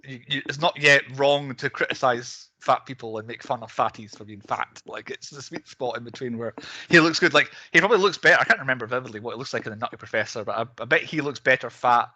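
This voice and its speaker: A man's voice: medium pitch, quick pace, hardly any pauses, bright, forceful tone, no echo. A man hosting a casual podcast chat, laughing often as he steers the talk. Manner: laughs often, runs the segments. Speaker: podcast host.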